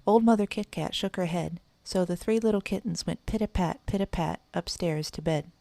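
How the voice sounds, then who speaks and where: Gravelly woman reading a storybook. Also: fairly low pitch, moderate pace, mellow, dry recording. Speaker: narrator.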